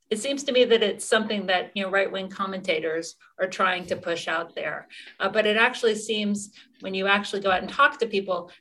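Woman, middle-aged, interview guest, bright clear tone, earnest, restarts. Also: mid-range voice. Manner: earnest, quick, with fillers and restarts. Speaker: activist guest. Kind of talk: interview answers.

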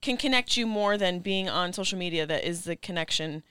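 Smooth-voiced woman, earnest guest. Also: on the low side, a little fast, a bit bright, no room sound. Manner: earnest, reflective, emphatic. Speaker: podcast guest. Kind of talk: casual chat.

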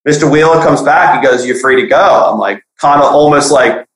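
A young man casually telling a profane school story on a podcast, animated, acting out the people he quotes. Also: mid-range voice, brisk. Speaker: podcast guest. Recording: echoey room.

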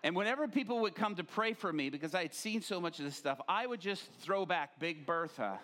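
A pastor with a high, very lively voice tells a story from the pulpit and plays it for laughs. His pitch climbs and drops as he acts out each person in the tale. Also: brisk. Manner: animated, acts out quoted voices. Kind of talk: humorous sermon storytelling.

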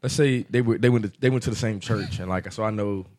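A man's voice: on the low side, quick pace, a little mellow. A man co-hosting a casual podcast, telling an embarrassing story about himself in a laid-back, self-mocking way. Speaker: podcast co-host.

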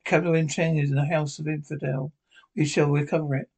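A man's voice: on the high side, little pitch movement, fast talker, creaky, darkish tone. A man reading the part of a scheming male stage magician who serves a villain, in a servile, formal manner.

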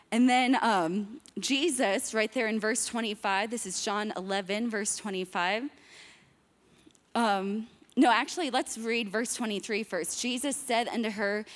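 A woman pastor preaching a sermon with lively call-and-response to the congregation. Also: on the high side, normal speed, in a large hall.

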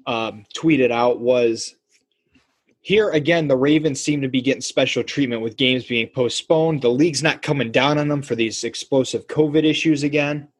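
Man, husky voice, casual sports podcast co-host, animated. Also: medium pitch, normal speed. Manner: animated, acts out quotes in voices.

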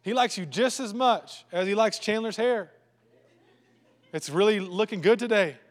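A male pastor delivers his sermon with a slightly high voice, pressing his points through repetition and dropping to a near-hush for emphasis. The long reverb of a church hall trails behind every phrase. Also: normal speed. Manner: emphatic, repetitive preaching with sudden drops to a hush.

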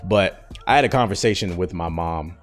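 Soft music plays beneath this casual podcast monologue from a man in his thirties. His voice sits low and moves at a normal speed as he rambles, swears liberally, and vents with raw candor.

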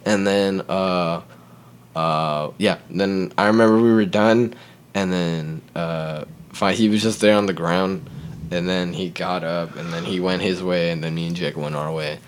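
A young man tells a story in a low voice, loose and rambling, with plenty of fillers. He slips into the voices of the people in his story as he goes. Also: steady tone, measured pace. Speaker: podcast host. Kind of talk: casual storytelling chat.

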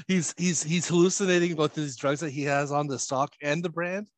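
A man's voice: a little high, moderate pace, no room sound. A man casually recapping a comic series, full of fillers and chuckles as he talks. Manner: rambling, many fillers and chuckles. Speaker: podcast host.

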